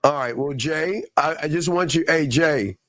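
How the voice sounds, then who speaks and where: Teasing male podcast host, high and dry. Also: normal speed, no room sound. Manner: loud, teasing, repeats names over and over. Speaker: show host taking calls. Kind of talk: casual podcast banter.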